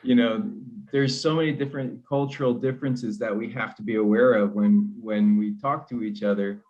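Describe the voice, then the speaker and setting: A man's voice: fairly low pitch, fairly even intonation, moderate pace, darkish tone, dull audio. A man speaking in a panel discussion on a video call, talking casually with hesitations and repeated words.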